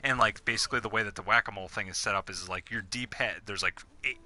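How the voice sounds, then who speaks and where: A man's voice: lowish voice, fast, pushed and bright. A young man chatting casually while gaming, rambling with lots of fillers and swearing. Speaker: gamer.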